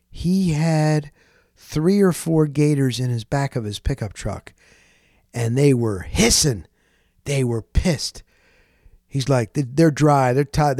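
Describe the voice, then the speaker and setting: A man's voice: mid-range voice, no room sound, clean studio sound. A man hosting a talk show, telling a long casual story and acting out the voices of the people in it, blunt and a bit profane. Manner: animated, acts out quoted voices, blunt and profane. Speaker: radio host telling a story. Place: lives in Florida.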